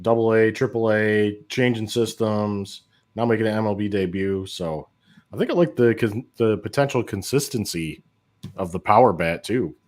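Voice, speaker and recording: A man co-hosting a sports podcast, speaking in relaxed, measured casual chat. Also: on the low side. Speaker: podcast co-host.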